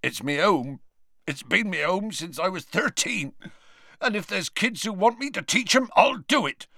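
A man voicing a huge, tearful half-giant groundskeeper with a croaky, gruff, rough-spoken manner. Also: high voice, expressive, unhurried, bright, forceful tone, no room sound, clean studio sound, pitched above the performer's own voice, exaggerated voice. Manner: croaky, gruff, dropped-word dialect speech.

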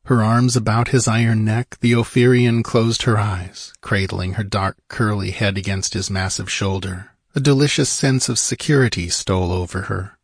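A man narrating an audiobook in a measured, grave manner with a husky voice. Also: lowish voice, steady tone, no room sound, studio quality.

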